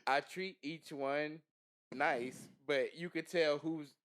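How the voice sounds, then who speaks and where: A man's voice: on the high side, slow. A man co-hosting a podcast in casual chat, teasing a co-worker and switching into exaggerated greeting voices. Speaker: podcast co-host.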